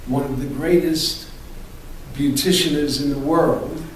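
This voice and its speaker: A man coaching an improv acting class, animated and punchy, often cursing and punctuating points with "boom". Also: slow, slight background noise. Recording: echoey room from far off, faint ambience.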